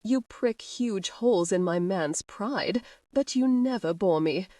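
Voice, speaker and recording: A woman's voice: mid-range voice, lively intonation, measured pace, warm tone, dry recording, lightly acted. A woman doing a drawling, mocking lord.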